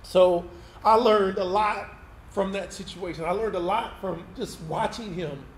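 Speaking at a measured pace in a high voice, the pastor shares his personal testimony from the pulpit of an event hall used for Sunday worship. His tone is candid and chatty, and he keeps asking the congregation things like "right?". The audio carries a roomy hall sound and faint background noise.

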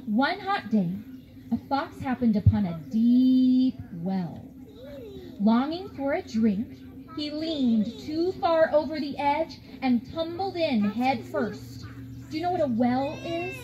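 A woman's voice: sits high, takes it slowly, muffled recording, a little hiss or hum. A woman librarian leading a children's storytime, reading aloud and talking playfully to the kids. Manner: animated, playful, talks to kids.

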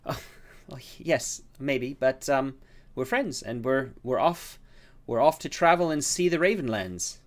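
A man's voice: mid-range voice, animated, unhurried, close to an everyday voice. A man voicing a small male halfling adventurer who pleads and then brags about future fame. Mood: boastful.

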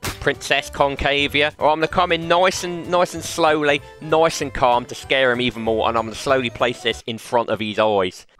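A young British man giving comedic gameplay commentary in a playful mock-teacher manner, moving between quiet menace and loud outbursts. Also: mid-range voice, fairly even intonation, normal speed, over music. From United Kingdom. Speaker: YouTube gamer.

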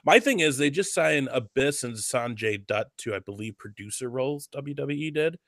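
A man's voice: medium pitch, lively intonation, normal speed, a bit bright, no echo, clean studio sound. A man co-hosting a casual wrestling talk show, giving his opinions on recent news. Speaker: podcast co-host. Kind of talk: casual chat, wrestling commentary.

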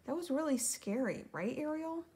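A woman's voice: animated, moderate pace, dark tone. A woman doing a timid little fish boy. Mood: nervous. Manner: nervous, high and anxious. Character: small nervous male fish, timid and jumpy.

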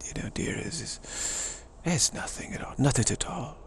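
A man's voice: medium pitch, animated, normal speed, creaky, in a whisper. A man putting on the voice of an unflappable upper-class British aristocrat who brushes off any trouble. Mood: unruffled. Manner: genteel, soothing, dismissive of trouble.

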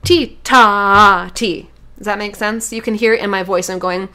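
A woman's voice: medium pitch, fairly even intonation, normal speed, bright, forceful tone. A woman teaching a children's rhythm lesson, chanting rhythm syllables and encouraging the class. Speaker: music teacher.

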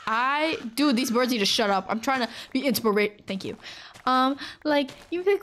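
A Twitch streamer chats casually with her viewers while gaming, rambling along with constant "like"s and acting out little scenes for chat. Her voice sits high and fairly bright, with lively intonation and a moderate pace, and a faint hiss or hum runs underneath.

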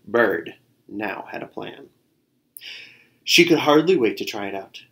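A man narrating a picture-book folktale aloud in an expressive reading style. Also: on the low side, unhurried, pauses often. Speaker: storyteller. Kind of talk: read-aloud storybook narration.

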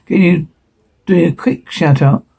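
Guy doing all the voices in a scene himself, gravelly and kinda husky, reads out the sound cues too. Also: a little high, a little slow, a little mellow, low-quality recording. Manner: switches between characters, reads sound cues aloud. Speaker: voice performer. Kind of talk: solo dub of a TV scene.

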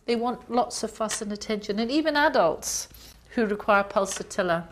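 Female lecturer, mid pitch, explanatory, acts out coughs. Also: animated, moderate pace, slight background noise. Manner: explanatory, acts out coughs and gasps, uses fillers. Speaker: homeopathy lecturer. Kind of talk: recorded lecture.

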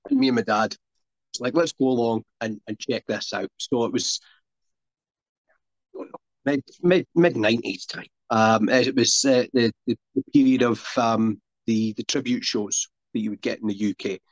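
A middle-pitched Scottish man in his forties recounts stories in a loose, rambling podcast chat and keeps restarting his sentences. The audio is muffled and lo-fi, with a dry sound and no room echo. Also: normal speed. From Scotland. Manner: rambling anecdotal storyteller with many restarts. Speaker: wrestler guest. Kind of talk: casual podcast interview storytelling.

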